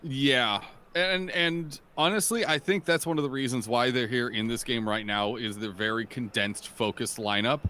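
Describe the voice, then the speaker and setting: A man's voice: mid-range voice, moderate pace, sharp tone, clean tone. A young man giving color commentary on a game, thoughtful and hesitant, often restarting his sentences. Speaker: color analyst.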